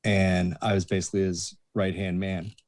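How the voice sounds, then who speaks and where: A man with a low, dark, mellow voice tells bar stories as a podcast guest. He acts out the people in his stories with animated delivery. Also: normal speed. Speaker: guest, bouncer and bartender. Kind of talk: casual storytelling chat.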